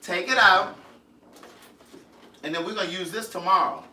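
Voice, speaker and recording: A man's voice: high-pitched, normal speed, sharp tone, a little hiss or hum. A man in his home kitchen chatting casually through a how-to, sassy and teasing, calling the viewer niece and girl. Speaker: vlogger and writer.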